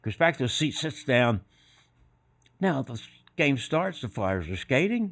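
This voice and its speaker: A man's voice: on the high side, big pitch swings, normal speed, fairly bright tone. An older man on a podcast as a guest, telling anecdotes and acting out other people's voices in quotes. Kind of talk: storytelling anecdotes.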